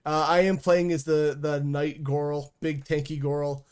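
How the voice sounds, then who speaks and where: A man's voice: on the high side, flat delivery, a little slow, darkish tone, clean tone. Crude, sarcastic young man chatting. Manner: crude, sarcastic banter with many fillers. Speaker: podcast host. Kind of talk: casual gaming podcast chat.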